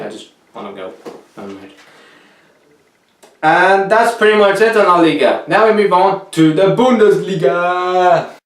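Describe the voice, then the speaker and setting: A man's voice: a little high, reverberant, far from the mic. A man chatting casually to viewers about football transfers, joking as he goes. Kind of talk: casual football commentary vlog. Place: room cooled by two big fans.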